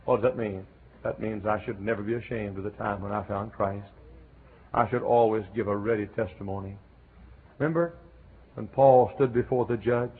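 A man preaching an emphatic revival sermon, bursting into shouts. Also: on the low side, fairly even intonation, moderate pace, breathy edge. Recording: tinny phone-like old sermon recording.

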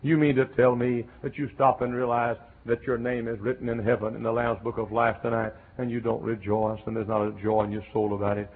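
A man preaching an emphatic revival sermon, bursting into shouts. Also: mid-range voice, husky. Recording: tinny phone-like old sermon recording.

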